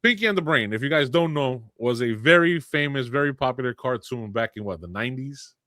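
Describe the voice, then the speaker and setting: A man co-hosting a gaming podcast tells a story in an animated way. He often restarts his sentences. His voice sits at a middle pitch, and the sound is dry and close to the mic. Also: brisk, no echo. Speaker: podcast co-host. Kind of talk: casual chat.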